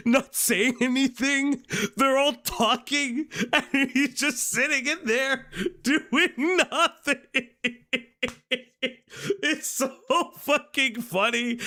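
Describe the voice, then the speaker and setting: A man's voice: very high voice, bright, forceful tone. A man hosting a commentary stream, telling a story in casual chat, laughing often mid-sentence and swearing a lot. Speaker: stream host.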